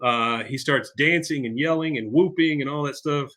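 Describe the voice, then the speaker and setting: Bright-voiced man recapping a cartoon episode. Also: mid-range voice, moderate pace. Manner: chatty, laughs while retelling scenes. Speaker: podcast host.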